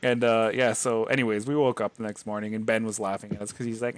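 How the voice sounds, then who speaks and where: A man's voice: on the low side, level tone, fast, no room sound. Rambling man telling a scary story. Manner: rambling, lots of "like", laughs while telling. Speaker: podcast host. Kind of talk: casual storytelling.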